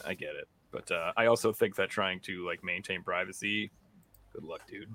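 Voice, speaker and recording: A man with an Australian accent chatting casually on a gaming podcast, acting out his own reactions in sudden high bursts. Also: fairly quick, sharp tone. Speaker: podcast co-host. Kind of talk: casual chat.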